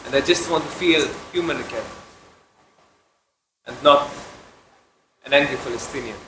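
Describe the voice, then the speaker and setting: A man's voice: mid-range voice, normal speed, pushed and bright, a little hiss or hum. A man performing an earnest first-person theatrical monologue on a live stage. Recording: echoey live hall with faint ambience.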